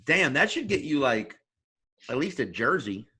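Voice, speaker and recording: A man co-hosting a comedy podcast, chatting casually and tossing in quick jokes. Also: medium pitch, very animated, sharp tone, slightly rough. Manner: quick, joking reactions.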